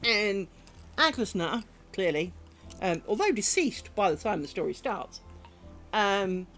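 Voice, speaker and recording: A woman's voice: medium pitch, lively intonation, a little slow, fairly bright tone, faint music behind. A woman streaming her lace-making, chatting casually and rambling, with the odd swear word. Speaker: craft streamer.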